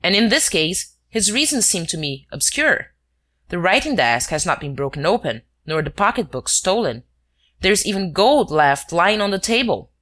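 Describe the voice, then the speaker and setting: A scoffing chief of detectives , put on by an audiobook narrator, given to loud, derisive exclamations. The voice is bright and lifted above the narration. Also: mid-range voice, big pitch swings, moderate pace. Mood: skeptical. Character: mocking male chief of detectives.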